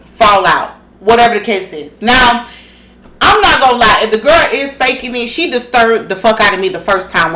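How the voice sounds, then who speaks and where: Profane, animated woman reacting to reality TV. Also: on the high side, echoey room, a little hiss or hum. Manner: profane, animated, acts out cast members' lines. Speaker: reaction video host. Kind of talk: casual reality-show reaction commentary.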